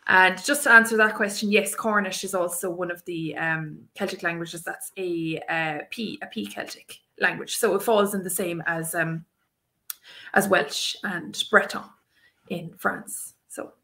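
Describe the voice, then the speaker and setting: Irish woman teacher, crisp bright tone, explains patiently with lots of ums. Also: fairly low pitch, fairly even intonation, unhurried. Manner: explanatory, many fillers and self-corrections. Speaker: Irish language teacher, co-host. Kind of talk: live-stream Q&A explanation.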